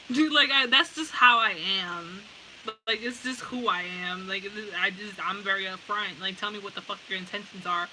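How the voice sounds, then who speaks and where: A woman's voice: medium pitch, moderate pace, low-quality recording. A woman giving a casual pick-a-card tarot reading. She talks bluntly, swears freely and often breaks into laughter. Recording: steady background hiss.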